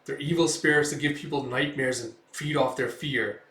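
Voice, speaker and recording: A man voicing a grim young male swordsman who speaks bluntly and flatly, recorded in an echoey room away from the mic. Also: medium pitch, normal speed.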